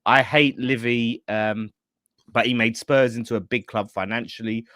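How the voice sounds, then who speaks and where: A man hosts a football fan show, chatting loosely and reading out viewer messages. His voice sits in a middle pitch. The sound is close and dry. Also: fairly even intonation, moderate pace, a bit bright, no echo. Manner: chatty, laughing, banter with co-host. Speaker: fan channel host. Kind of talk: casual chat.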